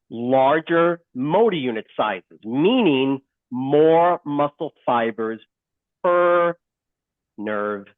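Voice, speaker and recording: A male instructor giving a live online lesson. He is animated, keeps questioning the class and repeats key points slowly. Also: medium pitch, no echo. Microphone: video call. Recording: dry, phone-like call audio.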